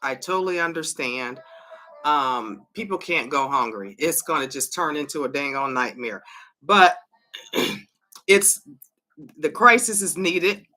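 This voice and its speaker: A woman hosting a casual livestream. Her voice is hoarse and cracking. She eagerly calls viewers to join in and talks haltingly, with many fillers. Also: low-pitched, lively intonation, pushed and bright. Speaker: livestream host.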